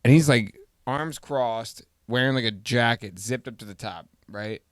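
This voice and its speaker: A man hosting a podcast, casually telling a story and acting out the voices with loud exclamations. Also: mid-range voice, measured pace, no room sound, clean studio sound. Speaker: podcast host.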